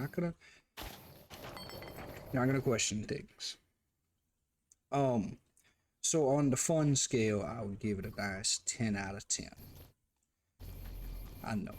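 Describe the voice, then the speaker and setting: A man's voice: medium pitch, a little mellow, a little hiss or hum. Rambling man reviewing while playing. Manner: rambling and self-interrupting, talks to the game. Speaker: game reviewer and streamer. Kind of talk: casual commentary while playing.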